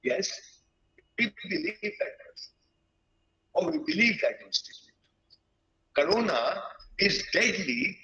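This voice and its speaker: A man in his sixties speaks slowly and earnestly, often stopping mid-thought. His voice sits high and bright and rises and falls a lot. The sound is dull and lo-fi, like webinar audio. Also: wildly swooping pitch, vocal fry, a little hiss or hum. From India. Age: 60s. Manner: reflective, earnest, pauses often mid-sentence. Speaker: guest speaker at a teachers' webinar. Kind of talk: lecture-style talk.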